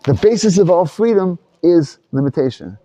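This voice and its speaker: A man's voice: high voice, animated, moderate pace, dark tone, no room sound. A man leading a casual Torah class discussion, loose and rambling, thinking aloud with frequent restarts. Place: study hall.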